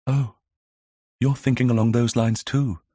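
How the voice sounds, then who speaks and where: A man's voice: medium pitch, fairly even intonation, a little slow, dark tone, dry recording, clean studio sound, pitched above the performer's own voice, lightly acted. A man reading an audiobook, voicing an anxious, frightened young woman who talks hesitantly. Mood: nervous. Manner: hesitant, breathy half-whisper. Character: nervous, anxious young woman, village heiress.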